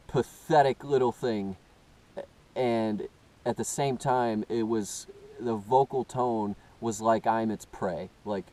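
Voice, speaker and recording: A man earnestly telling a first-person story, halting and often restarting as he searches for words. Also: lowish voice, warm tone, rough recording. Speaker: personal testimony speaker.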